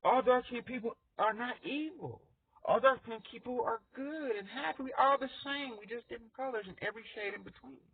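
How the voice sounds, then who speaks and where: A man rambling through an animated monologue, laughing often and jumping into squeaky voices for characters. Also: brisk, slightly rough. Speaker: music artist talking to viewers. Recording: dry, tinny phone-like sound.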